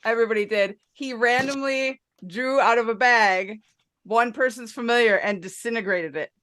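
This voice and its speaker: A woman's voice: a little high, normal speed, fairly bright tone. A woman guest in a casual podcast chat, telling stories about her old tabletop gaming days and laughing often.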